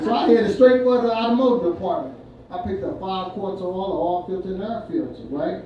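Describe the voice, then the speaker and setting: A man's voice: sits high, brisk, muffled recording, noisy background. An older man doing stand-up, telling folksy stories and laughing at his own punchlines. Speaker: stand-up comedian. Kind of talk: stand-up storytelling. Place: winery event room with live audience. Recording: echoey room from far off, crowd laughter.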